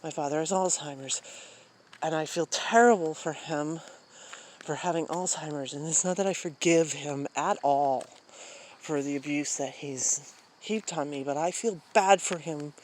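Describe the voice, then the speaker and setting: A woman's voice: deep voice, moderate pace, a little mellow. A woman talking casually while walking outdoors at night, rambling with many fillers and sighs. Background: crickets and insects.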